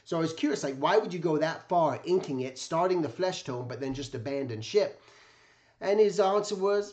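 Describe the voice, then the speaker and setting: A man with a somewhat high voice tells a personal story in a loose, casual way. He rambles with awestruck enthusiasm, like an art teacher chatting to his viewers. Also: normal speed, a little mellow, lo-fi sound. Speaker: illustration teacher and host.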